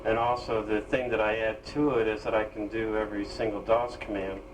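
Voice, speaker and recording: A man demonstrating his own screen reader program, explaining it in a halting way with pauses and fillers. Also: lowish voice, fairly even intonation, noisy background. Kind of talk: casual software demonstration.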